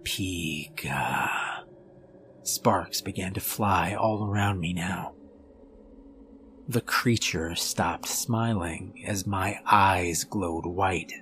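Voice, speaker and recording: A man reading a horror story aloud in a measured, calm storytelling manner. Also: sits low, slight background noise. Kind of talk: scripted horror story narration.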